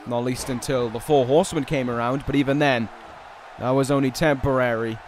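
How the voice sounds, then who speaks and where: A man giving play-by-play commentary over a wrestling video game, with casual, rambling asides and restarts, and excited calls on big moves. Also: medium pitch, brisk, a little hiss or hum. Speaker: gaming video host.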